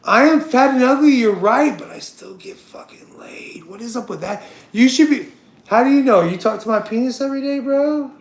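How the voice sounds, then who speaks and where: A man in his thirties with a high voice, ranting on a livestream. He is crude and confrontational, talks loudly, and keeps repeating himself. The room around him sounds echoey. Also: brisk. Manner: crude, confrontational, trash-talking a chatter; loud and excitable, repeats himself. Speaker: livestream host. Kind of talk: unscripted livestream rant. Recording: roomy echo.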